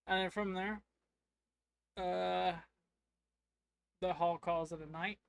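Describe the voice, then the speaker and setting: A man's voice: high-pitched, steady tone, slow pace, vocal fry, long pauses, clean tone, no room sound. A man casually retelling a tabletop adventure to his stream chat, rambling and playful. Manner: rambling, playful, acts out lines. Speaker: streamer recounting a game.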